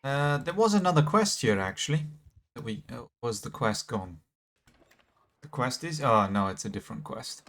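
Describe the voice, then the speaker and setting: A man's voice: medium pitch, expressive, moderate pace, a bit bright. A British man chatting casually with his viewers while streaming a game, laughing easily and correcting himself as he talks. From Britain. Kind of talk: casual gameplay commentary.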